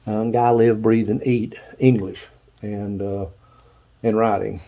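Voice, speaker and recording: A man's voice: fairly low pitch, flat delivery, slow, warm tone, dull audio. An older man, casually showing photos and books, rambling and stopping to recall names. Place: dark room at home.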